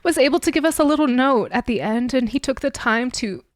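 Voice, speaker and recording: A woman giving heartfelt reaction commentary on a song, tearful and emotional, halting with small laughs and sighs. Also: high-pitched, expressive, dry recording, studio quality. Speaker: music reaction YouTuber.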